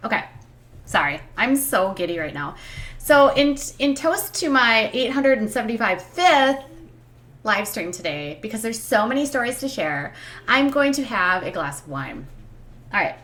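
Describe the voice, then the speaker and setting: A woman's voice: mid-range voice, sing-song, normal speed, a bit bright. A woman hosting a livestream, chatting casually through celebrity gossip in a giddy way, with many fillers and asides.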